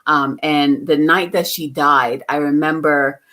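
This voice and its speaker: A woman who works as a psychic medium and comes from outside the US chats as a guest in a casual interview, telling personal stories with frequent laughs and fillers. Her voice sits low and is a bit bright, with fairly even intonation and a slightly slow pace.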